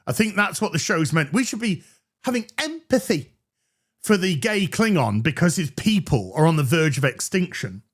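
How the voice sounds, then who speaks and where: A man's voice: on the high side, very animated, moderate pace, slightly rough. A man hosting a TV review show, ranting sarcastically with crude jokes and stammered restarts. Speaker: host reviewing a TV episode.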